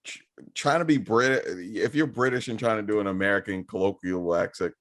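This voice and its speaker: Low-voiced casual man. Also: brisk, a bit bright. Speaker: podcast co-host. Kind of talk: casual movie review chat.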